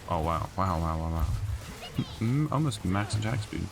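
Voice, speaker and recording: Gamer guy, low gravelly voice, irritated running commentary, game music underneath. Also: expressive, moderate pace. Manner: exasperated, grumbling at teammates. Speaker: gameplay streamer. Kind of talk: casual gaming commentary.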